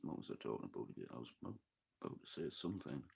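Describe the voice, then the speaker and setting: Sweary northeast English man, very deep. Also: big pitch swings, racing, vocal fry, a little mellow, husky. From northeast England. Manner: sweary, joking, rambling. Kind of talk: casual chat reading live comments.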